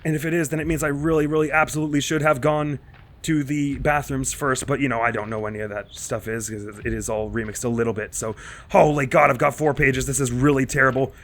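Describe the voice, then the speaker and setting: Male let's-play host, bright tone, rambling nervous horror commentary, panicky mumbles under stress. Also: medium pitch, steady tone, quick pace. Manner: rambling and self-mocking, jittery with nervous asides. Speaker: gaming channel host.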